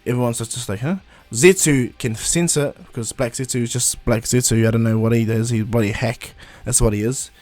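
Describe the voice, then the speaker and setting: A man's voice: mid-range voice, steady tone, fairly quick, few pauses, darkish tone. A man casually retelling a fan story, rambling with restarts and fillers.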